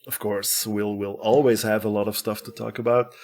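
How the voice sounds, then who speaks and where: A man's voice: lowish voice, moderate pace. Rambling, upbeat male podcast host. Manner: energetic and rambling, many restarts. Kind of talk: casual podcast chat.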